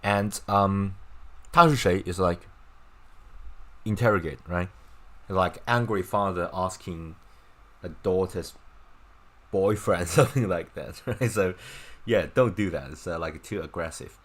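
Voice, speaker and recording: Low-voiced man teaching Chinese casually. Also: measured pace, long pauses. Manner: chatty and informal, with frequent "right?" and "okay?" checks; wry, mocking asides with laughs. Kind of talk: casual online lesson.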